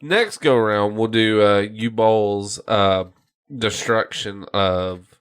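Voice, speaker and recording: A man's voice: lowish voice, slow pace, clean tone. Guy cohosting a gaming podcast, crude jokey banter, cracks up a lot. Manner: laughs often, riffs profanely. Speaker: podcast co-host.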